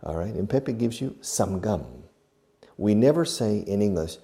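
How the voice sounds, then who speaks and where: A man teaching English to beginners, explaining slowly and repeating key words with short asides. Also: on the low side, expressive, mellow. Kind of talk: slow classroom explanation to learners.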